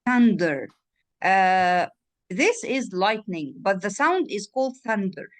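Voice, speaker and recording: Her pitch is medium and her intonation lively, and she takes things slowly. A native Arabic speaker, she gives a one-on-one English lesson by video call, patiently drilling vocabulary and making sure the student follows.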